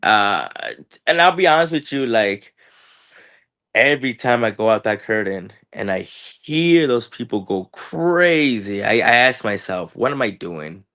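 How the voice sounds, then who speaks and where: A man in his thirties, a wrestler guest, telling stories in an animated way and acting out what people said to him. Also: mid-range voice, a little slow, clear, resonant tone. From Chicago area. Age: 30s. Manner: animated storyteller, acts out quotes, repeats words. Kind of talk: casual interview talk.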